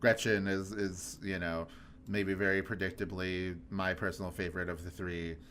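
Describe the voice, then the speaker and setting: A man co-hosting a podcast, chatting casually in a relaxed, rambling way and laughing often. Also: sits low, moderate pace, a little hiss or hum. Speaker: podcast co-host. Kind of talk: casual chat.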